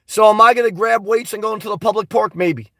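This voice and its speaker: A boisterous man talks straight into a close mic on his live stream, reading comments out and answering them bluntly with plenty of swearing. His voice sits high for a man and sounds a touch congested, and the sound is dry with no room echo. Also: fast talker, pushed and bright. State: slightly congested. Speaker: vlogger reading live chat. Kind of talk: casual live-stream chat.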